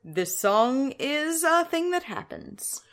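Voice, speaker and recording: A woman's voice: high voice, big pitch swings, takes it slowly, fairly bright tone. Woman podcast host explaining things dryly. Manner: explanatory, walks through details with dry asides. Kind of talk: casual chat.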